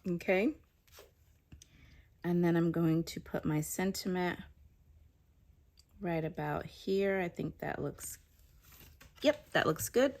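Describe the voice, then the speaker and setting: A woman's voice: lowish voice, slow pace, long pauses, a little mellow. A woman giving a casual craft tutorial, chatting and explaining each step as she works. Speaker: craft demonstrator.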